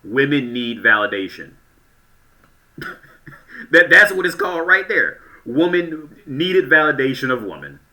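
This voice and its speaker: Blunt stammering man with a bright voice. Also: medium pitch, big pitch swings, unhurried, pauses often. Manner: stammering restarts, blunt and crude. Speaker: reaction commentator. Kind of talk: casual commentary.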